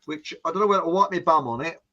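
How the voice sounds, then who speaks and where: A man's voice: a little high, very fast, pushed and bright, lo-fi sound. A man from England hosting a casual online chat, joking and reading out viewers' names. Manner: chatty, jokey, reads out viewer names. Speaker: host.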